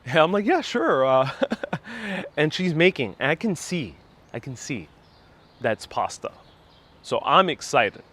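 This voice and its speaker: A man from New York City in his thirties, livestreaming a walking tour outdoors on a wireless lapel mic and telling childhood stories in a casual, animated way. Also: on the high side, measured pace, long pauses, breathy edge. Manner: animated storyteller, reads viewer comments aloud. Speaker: vlogger giving a live walking tour. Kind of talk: casual live-stream storytelling.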